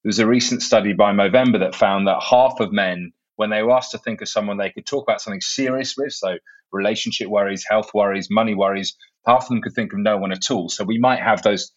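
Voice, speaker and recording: Talking fast in a fairly low voice, a thirty-something author from England explains his ideas during a casual interview, articulate but prone to small restarts. The recording is muffled.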